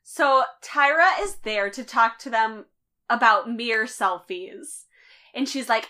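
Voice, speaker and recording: A woman co-hosting a podcast, chatting casually about a TV show and quoting people in quick asides. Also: a little high, bright, forceful tone. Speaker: podcast co-host. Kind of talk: casual chat recapping a TV show.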